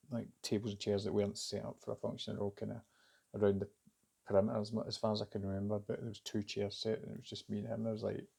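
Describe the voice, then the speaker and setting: Scottish man, casual storyteller; flat, husky delivery that rambles and restarts. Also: lowish voice. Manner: rambling and hesitant, with many fillers and restarts. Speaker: vlogger recounting a job interview.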